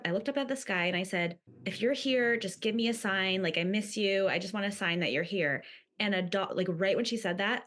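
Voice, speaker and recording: A woman's voice: mid-range voice, fairly bright tone. A woman guest on a podcast in casual chat, rambling through stories with many fillers.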